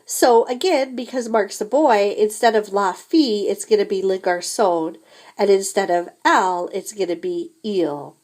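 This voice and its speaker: A woman teaching a beginner French lesson, slowly modeling each phrase for students to repeat. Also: medium pitch, a little mellow. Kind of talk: classroom language lesson.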